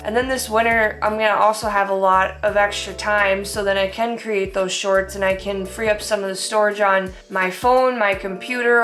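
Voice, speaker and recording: A woman's voice: medium pitch, fairly bright tone. A young adult woman artist talking openly and emotionally in a casual vlog, chatty with rambling asides. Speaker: artist and vlogger. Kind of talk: candid casual vlog monologue.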